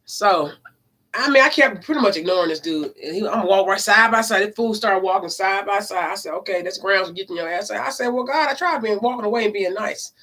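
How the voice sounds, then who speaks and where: A woman who reads tarot cards, telling a story in a casual vlog. She talks emphatically and swears, swinging between loud and low. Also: fairly quick. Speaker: tarot card reader.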